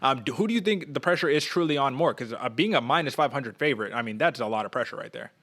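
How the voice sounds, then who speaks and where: A man co-hosting a combat sports podcast, talking casually and animatedly, often putting questions to his co-host. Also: medium pitch. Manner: fast, animated, asks questions, acts out quotes.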